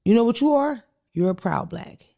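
A woman's voice: fairly high pitch, lively intonation, normal speed, vocal fry, warm tone. A woman from Philadelphia hosting a podcast in casual chat, blunt, profane and heated. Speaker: podcast host.

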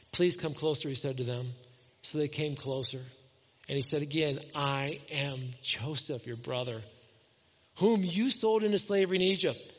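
High-voiced preacher in an echoing hall. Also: male voice, muffled recording. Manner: animated storytelling, reading scripture aloud and voicing the characters. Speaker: pastor. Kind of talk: sermon.

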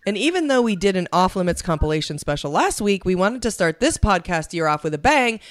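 A woman's voice: lowish voice, big pitch swings, a little fast. A woman co-hosting a podcast in casual chat, joking and swearing as she reads out trivia. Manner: joking, profane, reads facts aloud. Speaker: podcast co-host.

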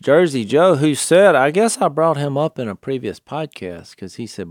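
A man's voice: mid-range voice, moderate pace, no room sound, clean studio sound. Chuckling man telling stories. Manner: lively storyteller, chuckling. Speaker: podcast co-host. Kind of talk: casual chat.

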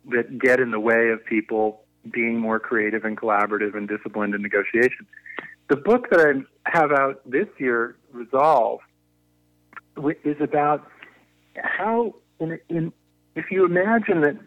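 A man's voice: medium pitch, no room sound. Man explaining over a tinny line. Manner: thoughtful, explanatory, with frequent restarts. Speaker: guest, negotiation consultant. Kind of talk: conversational podcast interview. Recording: tinny phone-line audio.

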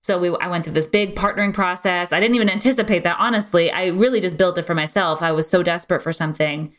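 Lowish-voiced woman on a podcast, middle-aged, talks fast and frank, lots of "like"s and "you know"s. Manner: frank, energetic, many fillers like "like" and "you know". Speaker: podcast guest, business owner. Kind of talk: casual conversational storytelling.

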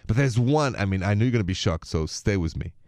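A man's voice: fairly low pitch, animated, fast talker, darkish tone, no echo, studio quality. A middle-aged man with a French accent hosts a dating-advice radio show, chatty and playful as he confides in his listeners. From France. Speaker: radio host.

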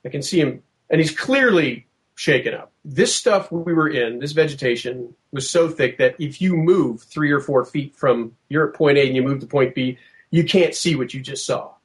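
A man recounting a tense field investigation in casual storytelling, lively and quoting himself, with frequent restarts. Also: fairly high pitch, moderate pace. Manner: animated, acts out quotes, many restarts.

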